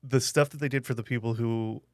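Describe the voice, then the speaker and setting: A man co-hosts a casual podcast chat, his voice smooth and resonant and close to a dry microphone. He lays out his thoughts in a measured, articulate way. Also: mid-range voice, steady tone, no echo. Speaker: podcast co-host.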